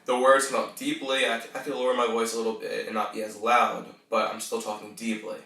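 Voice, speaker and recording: Casual male podcast host, bright and forceful, a bit off-mic, coaching tone, slight mumble. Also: fairly low pitch, flat delivery, fairly quick. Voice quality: tends to mumble. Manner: conversational, swears casually, coaching tone. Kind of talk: casual self-help monologue. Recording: roomy, distant from the mic.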